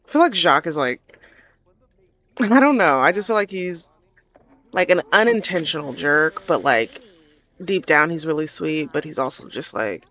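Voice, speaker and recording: A young woman with a low voice chats casually over gameplay, often correcting herself mid-sentence. Her tone is easygoing and talkative. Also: lively intonation, normal speed, pauses often, a bit bright. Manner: chatty, self-correcting, laughs easily. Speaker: game streamer.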